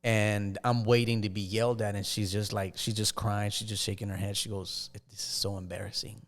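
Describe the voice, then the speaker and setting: A man, a podcast guest, telling his life story in a casual, halting way with frequent restarts. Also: lowish voice, flat delivery.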